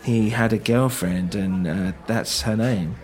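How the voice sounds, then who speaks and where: A man's voice: fairly low pitch, darkish tone, close to an everyday voice. A man voicing a worried young German woman with a German accent, speaking hesitantly in a storybook reading. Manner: hesitant, halting.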